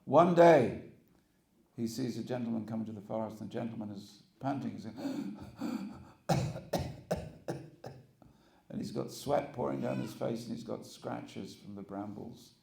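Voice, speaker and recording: Before an audience in a temple hall, a preacher tells stories and acts out the characters with animation. His voice is mid-range with vocal fry, his pace normal, and the room is reverberant.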